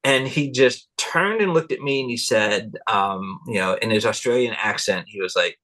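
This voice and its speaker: A man's voice: on the low side, normal speed, hardly any pauses, sharp tone. A middle-aged man, a cultural anthropologist guest, telling rambling stories in an interview, laughing often and acting out what people said. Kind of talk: relaxed interview storytelling.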